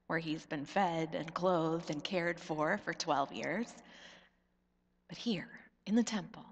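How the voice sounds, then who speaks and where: A woman pastor in her thirties preaching a sermon, slow and reflective, her voice often dropping soft at the ends of phrases. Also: fairly low pitch, gravelly. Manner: slow, reflective storytelling with soft drops in volume. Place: church sanctuary. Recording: long church reverb.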